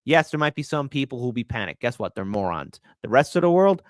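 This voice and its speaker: A man co-hosting a casual political podcast, telling things in an animated way, acting out quoted voices and restarting often. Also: medium pitch, brisk, dry recording, studio quality. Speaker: guest co-host.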